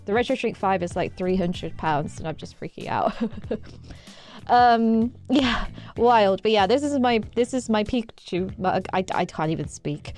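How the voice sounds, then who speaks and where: A woman streaming live, chatting in a rambling, excitable way, repeating herself and giggling. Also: mid-range voice, unhurried, faint music behind. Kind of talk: casual livestream chat.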